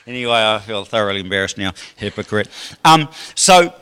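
A man's voice: fairly low pitch, lively intonation, a little fast, pushed and bright, clear, resonant tone. A man preaching a sermon in a chatty, rambling way, with joking asides to the congregation. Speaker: pastor. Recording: long hall reverb.

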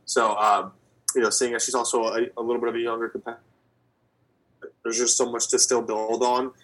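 A man's voice: mid-range voice, flat delivery, brisk, a bit bright, poor audio. A man in his twenties chatting casually and enthusiastically about powerlifting, rambling with fillers. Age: 20s. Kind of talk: casual sports chat.

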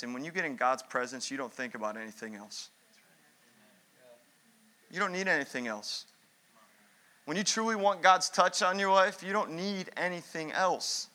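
A man's voice: a little high, moderate pace, long pauses, sharp tone. A man preaching a fired-up sermon as pastor, emphatic and repetitive.

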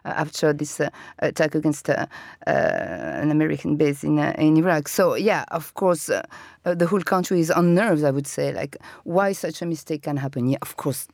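A woman's voice: low-pitched, normal speed, gravelly, a little mellow, no echo. Hesitant woman on a dry studio mic. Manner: hesitant, many fillers and restarts. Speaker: guest journalist. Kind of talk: panel discussion. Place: radio studio.

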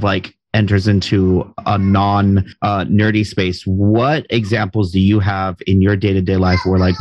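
A man hosting a casual podcast, talking in a somewhat low voice. He hesitates and restarts often, stacking fillers as he thinks. The sound is dry and close, with no room echo. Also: muffled recording. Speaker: podcast host and preschool teacher.

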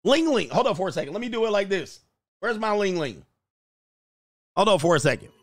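A male host with a high voice reads viewer comments in a loose, casual chat. He swings his pitch widely, often bursting into exclamations and laughter. The recording is dry and close. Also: sing-song, a little fast, dry recording. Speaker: host and coach.

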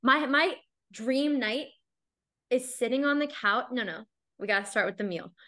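A woman's voice: on the high side, normal speed, pushed and bright. Chatty woman podcast host. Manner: chatty, candid, heavy use of "like". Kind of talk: casual podcast chat.

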